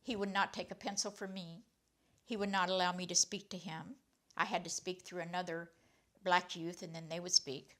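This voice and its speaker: Animated woman telling a personal story. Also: fairly low pitch, normal speed. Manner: animated, with big swings in loudness. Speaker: former teacher.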